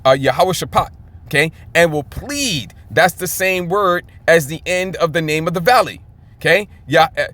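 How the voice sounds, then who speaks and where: A man's voice: fairly high pitch, moderate pace, sharp tone. Fired-up man teaching scripture. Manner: emphatic, keeps checking in with "okay?". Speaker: Bible teacher.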